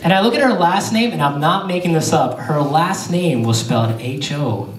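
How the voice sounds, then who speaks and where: A male stand-up comedian doing an animated storytelling set with crowd work on a theater stage. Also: on the high side, moderate pace, distant mic, very noisy. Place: theater stage before a live audience. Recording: echoey theater heard from afar. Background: audience laughter.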